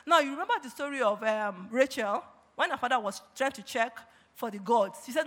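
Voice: mid-range voice, lively intonation, fairly quick, a bit bright. A preacher delivers a sermon in a mid-range voice, reading passages of scripture and stopping often to call out praise. The voice rings with the long reverb of a large hall. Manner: punctuates with repeated praise calls, reads scripture aloud.

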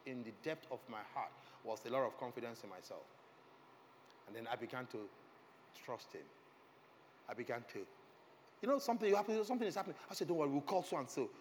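A middle-aged man preaching a sermon with passion, swinging from soft reflective lines to loud exclamations. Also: mid-range voice, slight background noise. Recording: long hall reverb, faint ambience.

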